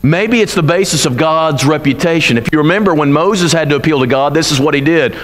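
A man with a fairly high voice preaches a sermon. He talks to the congregation in a plain, earnest, conversational way. When he voices the psalmist's bold complaints to God, he speaks them directly. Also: a bit bright, in a large hall.

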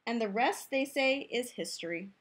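A woman reads a picture book aloud in a youth room, telling it in first person as the wolf. Her delivery is playful and expressive, her voice somewhat high and a little husky, with pitch that rises and falls a great deal. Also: moderate pace. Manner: playful, expressive storybook reading. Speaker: storyteller.

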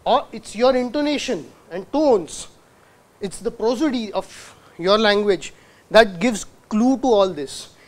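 A man's voice: high-pitched, expressive, a little slow. A man giving a university lecture in a hall, asking the audience rhetorical questions and sounding out words to demonstrate. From India.

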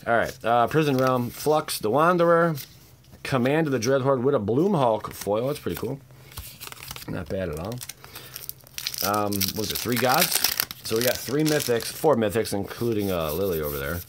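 Excitable man opening card packs. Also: slight background noise. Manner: exclamatory, swings between shouted excitement and low awed mutters.

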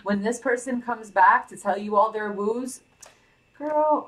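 A woman's voice: mid-range voice, measured pace, far from the mic, low-quality recording. A woman giving a casual tarot reading to her viewers, chatty and sassy, full of "like" and "you know". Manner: sassy, chatty, heavy on fillers. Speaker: tarot reader.

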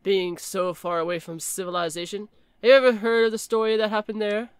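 A woman's voice: mid-range voice, little pitch movement, clean tone, dry recording, lightly acted. A woman voicing a grave gas station owner, a man who solemnly warns a traveler away from the mountains in a game. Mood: ominous warning. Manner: grave, slow, foreboding delivery.

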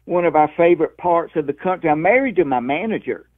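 A man's voice: on the high side, quick pace. Southern man in his sixties on a phone line. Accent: Southern US (Mississippi). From Mississippi, USA. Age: 60s. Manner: lively storyteller, calls the host "man" and "dude". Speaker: stand-up comedian guest. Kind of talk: interview over the phone.

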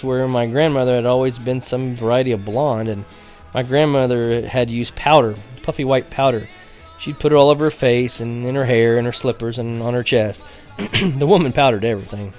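A man's voice: mid-range voice, darkish tone. A man reading a first-person audiobook in a wry, conversational storytelling way. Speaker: audiobook narrator.

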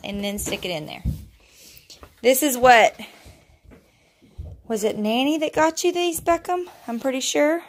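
A woman's voice: high-pitched, measured pace, long pauses, a little hiss or hum. A young woman chatting casually in a family vlog, upbeat and sing-song when she talks to her kids. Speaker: family vlogger and mother.

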